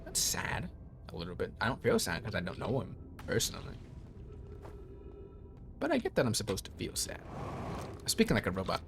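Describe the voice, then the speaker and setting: Lively young man reading game lore. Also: on the low side, creaky, a little hiss or hum. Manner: curious, thinks aloud, reads lore in a measured voice. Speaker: let's play streamer. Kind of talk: blind playthrough commentary, reading game text aloud.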